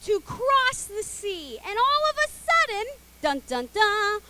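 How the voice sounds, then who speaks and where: A young woman teaching children, telling a Bible story in a playful, expressive way and getting the kids to call out and join in. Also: very high voice, takes it slowly, heavy background noise.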